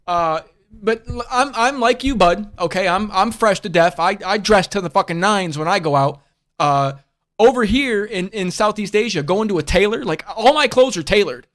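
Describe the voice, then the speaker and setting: A man with a notably high voice hosts a loose livestream podcast. He rambles, swears freely and keeps calling his listeners bud and bro. He speaks bluntly and comes back to the same points again and again. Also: moderate pace, a bit bright. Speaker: podcast host. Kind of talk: casual livestream podcast chat.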